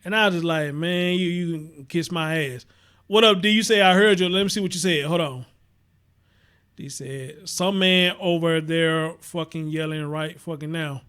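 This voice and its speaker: Houston livestream host, high-voiced man, blunt and profane, repeats points, greets chatters. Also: moderate pace, a bit bright, clean tone. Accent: Southern US, Houston. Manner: blunt, profane, repeats himself, reads viewer comments aloud. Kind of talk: casual livestream commentary.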